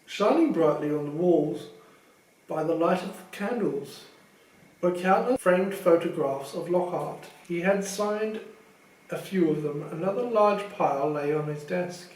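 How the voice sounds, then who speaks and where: A man reading a novel aloud in a measured, expressive storytelling manner. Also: high voice, roomy sound, distant mic, poor audio. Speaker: audiobook reader. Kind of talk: fan audiobook narration.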